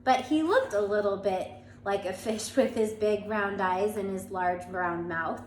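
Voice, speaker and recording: In an unhurried, mid-range voice, a woman reads a children's chapter book aloud, performing the characters and now and then slipping and starting over. A bit stuffy from allergies, she coughs occasionally, and her echoey room carries a faint hum.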